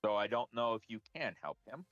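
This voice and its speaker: A man speaks slowly as his character, stopping for many fillers. His low voice is smooth, on dry, slightly dull audio with faint music. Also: animated, a bit bright, no echo. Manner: slow, hesitant, many fillers. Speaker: player. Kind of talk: in-character tabletop play.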